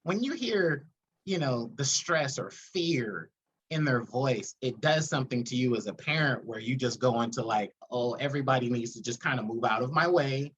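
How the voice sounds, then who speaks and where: A man's voice: mid-range voice, moderate pace, muffled recording, slight background noise. A man hosting a podcast in casual chat, telling a story earnestly and acting out the people in it. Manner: storytelling, earnest, animated retellings. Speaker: podcast host.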